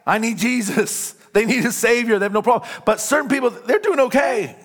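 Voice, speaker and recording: A man preaching a sermon in church, emphatic, with call-and-response lines that rise to shouts on key points. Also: very high-pitched, fast. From California. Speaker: pastor. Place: church sanctuary.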